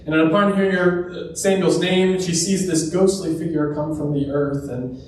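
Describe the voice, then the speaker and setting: A man's voice: a little high, steady tone, normal speed, a little mellow, a little hiss or hum. A man giving a sermon in a church, retelling a story in a conversational way with personal asides. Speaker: preacher. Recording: very echoey room, distant mic.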